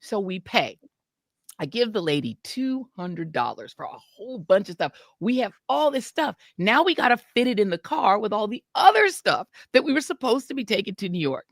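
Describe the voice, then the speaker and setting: A woman co-hosting a podcast, telling a story in an animated, laughing way. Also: mid-range voice, normal speed, dry recording, clean studio sound. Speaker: podcast co-host. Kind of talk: casual storytelling chat.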